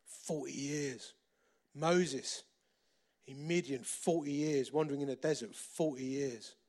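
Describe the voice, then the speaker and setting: A middle-aged man preaching a sermon, repeating phrases for emphasis and moving between loud and hushed delivery. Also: mid-range voice, fairly even intonation, slow pace. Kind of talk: sermon with storytelling.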